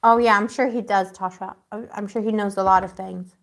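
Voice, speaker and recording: A woman's voice: mid-range voice, steady tone, a little fast. A woman giving a live tarot reading to her viewers, chatty, emotional and slangy as she talks through the cards. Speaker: tarot reader.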